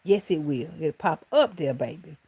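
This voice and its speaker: A middle-aged woman with a Southern American drawl hosts a casual live stream and chats with her viewers. Her voice sits a little low and she talks in a folksy, affectionate way, calling people honey and baby. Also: animated, moderate pace, dark tone, slightly rough. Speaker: channel host.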